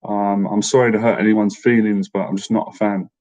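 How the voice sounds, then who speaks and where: A man's voice: fairly low pitch, little pitch movement, fairly quick, darkish tone, dull audio. A man in his thirties hosting a casual live stream, chatting loosely with viewers, rambling and often laughing as he answers their questions.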